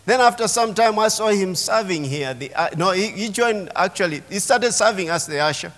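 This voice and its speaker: A pastor with a high, ringing voice preaches with emphasis, calling out to his congregation and drawing their replies. His words carry a long reverb through a large church hall. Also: lively intonation, normal speed, fairly bright tone. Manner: emphatic preaching with call-and-response. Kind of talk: sermon. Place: church sanctuary.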